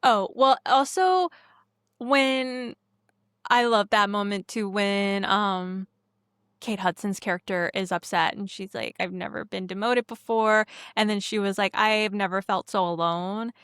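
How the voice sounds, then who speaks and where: A woman's voice: medium pitch, measured pace, fairly bright tone, clear, resonant tone, dry recording, clean studio sound. A young woman cohosting a movie podcast, chatting casually with a rambling, filler-heavy way of talking. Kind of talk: casual chat.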